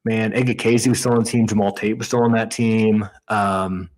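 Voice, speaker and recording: A man's voice: lowish voice, level tone, normal speed, darkish tone, low-quality recording. A man in his thirties from Indiana, co-hosting a casual chat and telling a story with lots of restarts and quoted asides. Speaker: podcast co-host.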